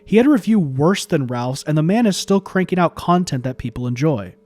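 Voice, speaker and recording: A man's voice: fairly high pitch, lively intonation, fairly quick, darkish tone, soft background music. A man who critiques films on video, delivering scripted commentary in a sarcastic, profane way. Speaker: YouTube film critic.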